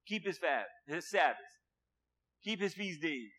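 A man preaching a sermon with passion, dropping to a hush and then rising loud, repeating words for emphasis. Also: fairly high pitch, animated, measured pace. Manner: impassioned, swinging from hushed to loud.

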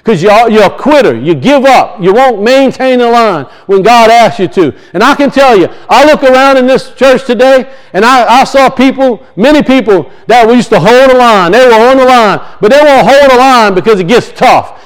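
Male preacher, very high voice, impassioned sermon delivery, repeats his points, swings between loud and hushed. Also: lively intonation, normal speed, hardly any pauses, clear, resonant tone, rough recording. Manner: impassioned, repetitive, rising and falling emphasis. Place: church.

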